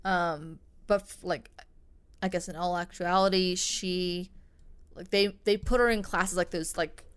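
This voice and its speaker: A woman's voice: fairly low pitch, fairly even intonation, measured pace, clean tone. A woman co-hosting a podcast, telling a true-crime story in a loose, rambling way, full of "like" and "um" and casual swearing. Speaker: podcast co-host.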